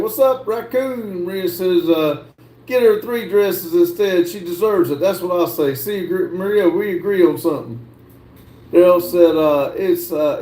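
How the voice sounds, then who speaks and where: A man hosting a livestream, reading viewer comments aloud and answering them in a slow, drawling way. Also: sits high, mellow. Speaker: livestream host reading chat. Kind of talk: casual chat. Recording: echoey room.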